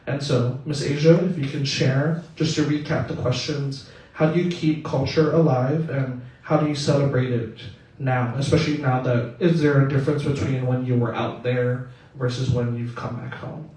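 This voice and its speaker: A man's voice: medium pitch, fairly even intonation, moderate pace, darkish tone. A man moderating a panel discussion in an indoor theatre, talking conversationally and often adding "right?". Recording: echoey theatre from far off.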